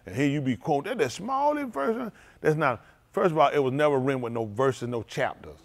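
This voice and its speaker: A man preaching a sermon as pastor, in informal, vernacular speech that swings from low murmurs to loud exclaiming. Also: fast. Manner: speaks in informal, vernacular English.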